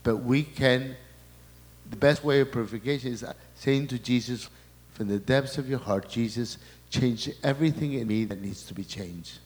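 A man's voice: medium pitch, moderate pace, long reverb tail. A man, a priest, giving a sermon talk before a live audience, often breaking off and repeating his words as he relays quoted messages.

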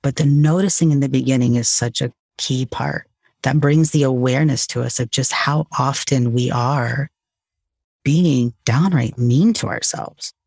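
A man's voice: medium pitch, measured pace, creaky, a little mellow, no room sound, studio quality. A man speaking as a podcast guest in a candid, earnest, casual conversation, with occasional swearing. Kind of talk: reflective conversation.

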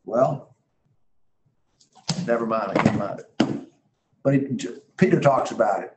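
A man's voice: fairly low pitch, measured pace, heavy background noise. A man teaching a Bible class in a conversational way, earnest and emphatic, thinking aloud as he reads scripture.

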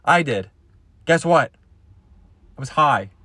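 A man's voice: fairly high pitch, animated, takes it slowly, sharp tone, dry recording. A young man hosting a podcast, rambling through crude, goofy comedy bits and jumping into silly voices. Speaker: podcast host.

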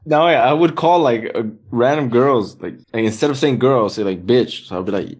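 A man's voice: mid-range voice, brisk. A man from Miami chatting casually, laid-back, with casual slang. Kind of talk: casual chat.

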